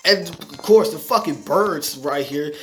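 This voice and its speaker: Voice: mid-range voice, measured pace, reverberant, faint music behind. A game reviewer ranting in exasperated, profane commentary while playing, with sudden outbursts.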